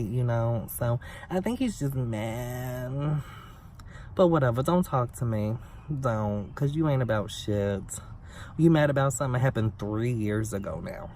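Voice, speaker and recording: A young man telling a story on his vlog in a blunt, sassy, profane way, with big swings in pitch. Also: a little mellow. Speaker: vlogger. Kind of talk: casual storytime rant. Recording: somewhat distant mic with faint background noise.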